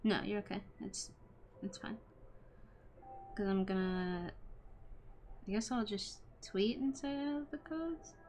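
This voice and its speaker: A woman's voice: mid-range voice, slow pace, long pauses, a little mellow, a little hiss or hum. Chatty woman streamer thinking aloud. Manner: chatty, thinks aloud while playing, laughs often. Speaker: streamer playing a game. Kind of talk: casual gameplay chat.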